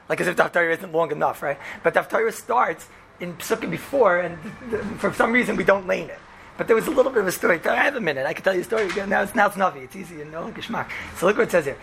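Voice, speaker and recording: A man teaching a casual class as a rabbi, telling the story in an animated way and acting out the quoted lines, with lots of "right?" and "you know". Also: high voice, vocal fry, noisy background. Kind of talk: casual classroom Torah lesson.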